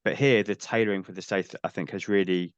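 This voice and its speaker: A man discussing a film casually as a podcast host, measured and thoughtful in his phrasing. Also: low voice, steady tone, clean tone, no echo, muffled recording.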